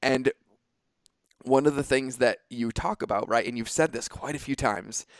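A man hosting a podcast in casual conversation, energetic and animated, swearing freely and acting out quoted exchanges. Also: medium pitch, moderate pace, no echo. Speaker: podcast host.

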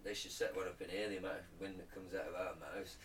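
A man's voice: low-pitched, little pitch movement, quick pace. A man co-hosting a podcast in casual, sweary, jokey chat. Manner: laid-back, sweary, jokey. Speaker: podcast co-host. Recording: a little distant, faint background noise.

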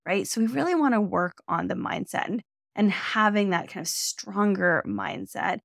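A woman hosts a solo career podcast, talking through mindset advice in an encouraging, conversational way. She keeps checking in with the listener with a quick "right?" at a mid pitch. The recording is dry and close, with no room sound. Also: sing-song, vocal fry, a bit bright, no room sound. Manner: encouraging, often asks "right?". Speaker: career coach podcast host.

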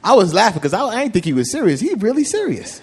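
A man doing a stand-up routine in an animated, conversational way. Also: high-pitched, fast talker. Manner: animated, conversational, swings between loud and quiet. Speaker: stand-up comedian. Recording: live club with laughing crowd and noise.

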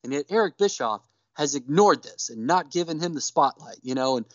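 Male podcast co-host, animated storyteller, slightly high and very expressive, dry lo-fi mic. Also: brisk, dry recording. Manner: animated storyteller, acts out quotes in put-on voices. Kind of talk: casual recap chat.

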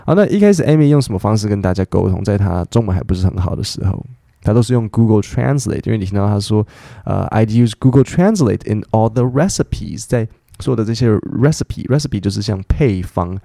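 A man from Taiwan, hosting a podcast and briskly explaining English phrases while interviewing a guest. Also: fairly low pitch, expressive, vocal fry, dark tone, dry recording, studio quality. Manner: brisk, explanatory, acts out quotes. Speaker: podcast host and English teacher.

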